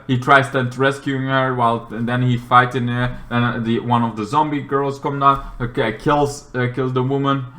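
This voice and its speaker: A man's voice: medium pitch, pushed and bright. A man in his late twenties casually recapping a movie plot, rambling and padding his sentences with fillers like "kind of thing". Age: 20s. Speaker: movie reviewer.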